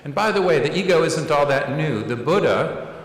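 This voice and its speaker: Animated man lecturing in an echoey hall. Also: on the high side, moderate pace. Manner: animated, playful, acts out quoted voices. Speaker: keynote speaker. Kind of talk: keynote lecture. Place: large auditorium.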